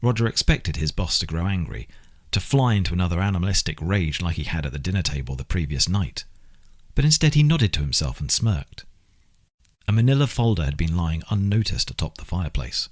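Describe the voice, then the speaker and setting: A man narrating an audiobook with measured, expressive storytelling. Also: low voice, slightly rough.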